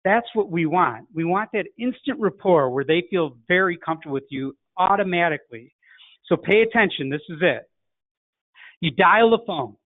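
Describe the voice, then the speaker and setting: His voice sits high and is expressive, at an ordinary pace. This middle-aged Chicagoan with a matching accent teaches sales in a direct coaching way, performing sample phone greetings, and the sound is tinny, dry and phone-like with no echo.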